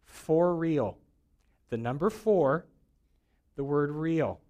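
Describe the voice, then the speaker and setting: Man, pastor, sermon, slightly high voice, chatty and joking. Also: normal speed, darkish tone. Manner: conversational and humorous, acting out voices for jokes.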